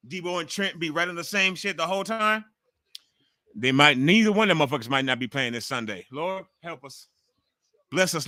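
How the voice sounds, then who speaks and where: Man, middle-aged, live-stream host, casual profane chat, fairly high voice, dry close sound. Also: pushed and bright, no echo. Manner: loose, profane, talks straight to the chat. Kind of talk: casual watch-along chat with viewers.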